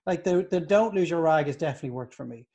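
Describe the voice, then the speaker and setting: A man's voice: fairly high pitch, animated, quick pace, gravelly, mellow, highs cut off. A man co-hosting a casual podcast, earnestly explaining his views. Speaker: podcast co-host. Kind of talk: casual chat.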